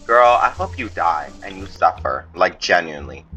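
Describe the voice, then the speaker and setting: A man giving excited gameplay commentary, his voice jumping high when tense. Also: moderate pace, husky, faint music behind. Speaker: gaming YouTuber.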